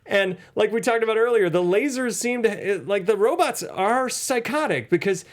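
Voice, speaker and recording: A man co-hosting a casual movie podcast, joking and swearing as he recaps scenes. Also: high voice. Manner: animated, swearing, quick asides. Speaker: podcast co-host.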